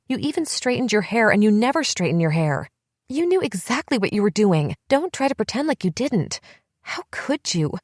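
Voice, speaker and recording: A woman reading the part of a distraught young woman who shouts tearful accusations at her sister in an audiobook. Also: fairly high pitch, dry recording, clean studio sound, pitched above the performer's own voice.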